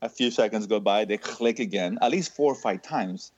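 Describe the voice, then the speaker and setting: A man on a podcast telling a funny story in casual chat, animated and saying "dude" all the time. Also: fairly low pitch, normal speed. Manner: animated, says "dude" constantly. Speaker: podcast co-host. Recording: slightly muffled dry sound.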